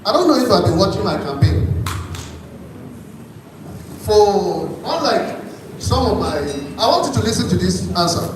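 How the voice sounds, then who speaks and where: A man's voice: sits high, big pitch swings, a little slow, pauses often, recorded from a distance, background noise. A man with a Nigerian accent, a governorship candidate giving formal debate answers and repeating points for emphasis. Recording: very echoey hall, picked up from afar.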